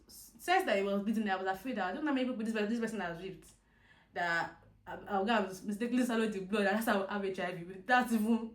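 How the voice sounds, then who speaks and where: A young woman with a mid-range voice gives an emotional personal testimony to her viewers. She drops low and quiet, then bursts out loud and animated, restarting and repeating words as she goes. The room has a noticeable echo. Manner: animated, swings from quiet to loud exclamations, laughs through pain. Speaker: vlogger telling her story. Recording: echoey room.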